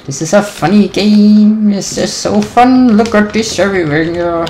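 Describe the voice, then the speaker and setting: Slow, jittery horror gamer talking to self. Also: medium pitch, slight background noise, rough recording. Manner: nervous, talks to self, hums la-la to calm down. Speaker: gaming video creator. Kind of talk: horror game let's play commentary.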